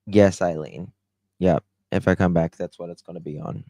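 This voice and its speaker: A man's voice: low-pitched, fairly even intonation, moderate pace, dark tone, no echo. Tired, drawling man on a livestream. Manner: chatty, drawling, talks to chat by name. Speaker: livestream host. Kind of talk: casual livestream chat reading comments.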